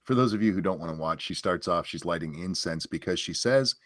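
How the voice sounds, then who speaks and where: Man, very low voice, crude jokey banter, dry sound. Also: fairly quick, no room sound. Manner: crude, joking. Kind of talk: casual chat.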